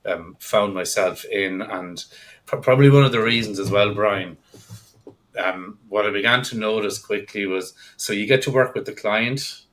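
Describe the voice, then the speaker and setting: A man's voice: fairly low pitch, normal speed, a bit bright, rough recording. A man answering questions as an interview guest, speaking in a reflective, thoughtful way. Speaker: guest hypnotherapist.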